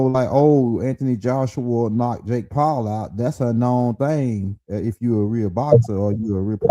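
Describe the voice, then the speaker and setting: A man's voice: mid-range voice, dark tone, dry recording, low-quality recording. A man hosting a casual live stream, talking in a loose, rambling way as he lays out his theories.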